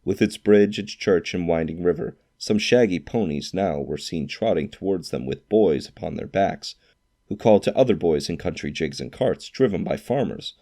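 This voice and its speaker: A man reading a classic novel aloud as narrator, in an expressive storytelling manner. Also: low voice, moderate pace. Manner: expressive storytelling, acts out quoted lines.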